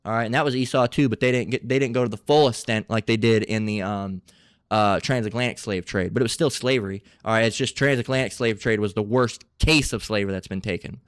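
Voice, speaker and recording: A man's voice: lowish voice, smooth, dry recording. Combative preacher man, dry close sound. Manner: combative, mocking, profane asides; halting, many restarts between readings. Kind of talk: scripture reading and preaching.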